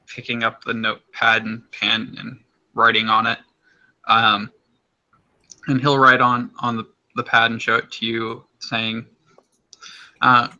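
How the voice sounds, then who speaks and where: Male player, very sharp bright tone, halting, on a dull lo-fi mic. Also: mid-range voice. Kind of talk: tabletop role-play.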